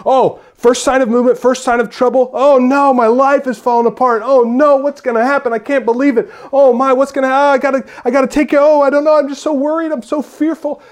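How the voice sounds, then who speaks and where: Man doing a panicky worrier, fretful, high strained voice, breathless, loud. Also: flat delivery, fairly quick, hardly any pauses. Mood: panicked. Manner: breathless, high-pitched fretting. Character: panicky fretful worrier, jumpy as a startled bird.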